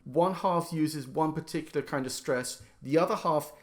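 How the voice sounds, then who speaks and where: A man's voice: a little high, moderate pace. Man lecturing by voicing stresses aloud. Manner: explains by demonstrating stresses aloud. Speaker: lecturer and violinist. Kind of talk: informal lecture.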